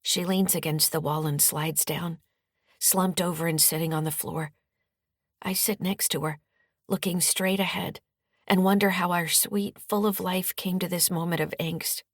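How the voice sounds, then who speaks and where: A woman author narrating her own mystery-thriller audiobook in the first person, steady and firm in the mother's dialogue. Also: fairly low pitch, measured pace, no echo, studio quality. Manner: steady storytelling, rising firmly in the mother's lines.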